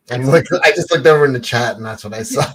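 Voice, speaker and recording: A man's voice: medium pitch, quick pace, a bit bright, breathy edge. A man guesting on a podcast, chatting casually with dry jokes. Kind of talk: casual chat.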